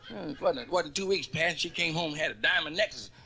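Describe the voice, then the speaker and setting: A man's voice: on the high side, animated, brisk, vocal fry, sharp tone. A man doing a stand-up comedy routine who tells jokes loosely, with stammers and asides.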